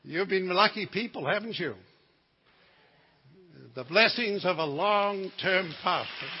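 Older New Zealand preacher in a church. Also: male voice, high voice, slow pace, a little hiss or hum. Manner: folksy storytelling with asides and humor. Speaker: guest preacher. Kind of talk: sermon. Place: church sanctuary. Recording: lo-fi sound in a reverberant church.

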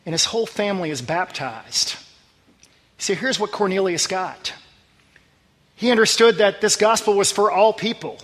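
A male pastor delivers a sermon in a large hall, speaking earnestly and conversationally, and his voice drops low and quiet whenever he reads scripture verses.

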